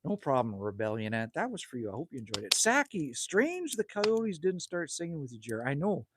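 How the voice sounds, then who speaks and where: Very animated and brisk, this slightly high voice comes through a very noisy recording. It's a man in his fifties from Canada, hosting an outdoor livestream at his cabin by a campfire, reading viewer comments and joking crudely with chat.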